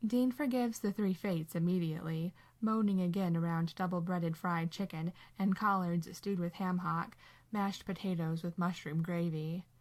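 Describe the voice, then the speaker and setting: A woman narrating a story as an audiobook, calm and measured. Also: lowish voice. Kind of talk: audiobook reading of fan fiction.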